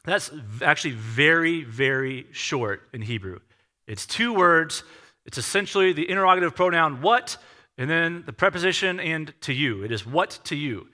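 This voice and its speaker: A man's voice: fairly high pitch, normal speed. A man preaching a sermon in a conversational way, acting out quotes and questioning his own reading. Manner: animated, acts out quotes with shifting tone. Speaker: pastor.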